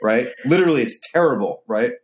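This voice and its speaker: A man's voice: mid-range voice, animated, a little fast. A man guesting on a podcast, telling anecdotes in a casual, profane, emphatic way. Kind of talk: casual chat, storytelling.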